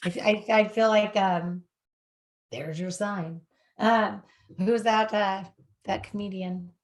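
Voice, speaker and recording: A woman hosting a podcast, in casual, lively talk that often trails off and restarts. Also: medium pitch, slow. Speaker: podcast host. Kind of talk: casual conversational chat.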